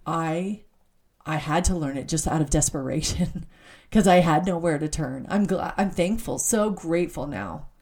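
A middle-aged woman speaks in a warm, mellow tone, a little lower than most. She shares her faith in an earnest, heartfelt way and often restarts her sentences as she searches for the right words. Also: moderate pace. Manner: earnest, heartfelt, self-correcting. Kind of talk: personal faith talk.

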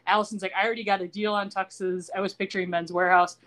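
Speaking fast at a medium pitch, this podcast host chats casually through a recap of a TV episode. She tells it with lively energy, performing the characters' lines as she quotes them.

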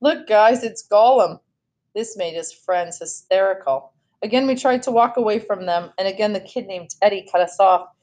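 A woman reading a children's novel aloud in a steady storytelling voice, now and then correcting herself. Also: mid-range voice, normal speed, few pauses. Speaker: read-aloud host.

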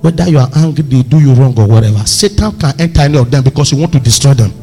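A man preaching a sermon, telling stories with lively swings and sudden shouts. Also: medium pitch, very fast, slightly rough, faint music behind. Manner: animated, storytelling, bursts into shouts. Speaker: pastor.

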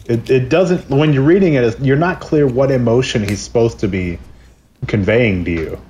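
A man in a casual chat with a mid-pitched voice. He adds dry, wry remarks, and faint noise and clicks sit under his line. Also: normal speed, darkish tone. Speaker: podcast co-host.

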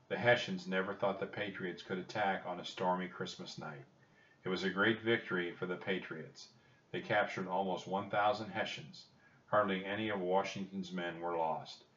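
A man narrating a children's storybook in a calm, measured reading. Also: deep voice, distant mic, lo-fi sound.

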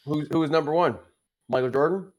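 A man's voice: fairly high pitch, brisk, darkish tone. Rambling, hesitant man streaming. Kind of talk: casual chat on a livestream.

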